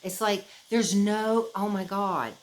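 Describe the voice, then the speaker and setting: A woman from the United States, chatting casually to camera as a vlogger, rambling and expressive, with many fillers and restarts. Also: mid-range voice, slow, a little hiss or hum, rough recording. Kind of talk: casual chat.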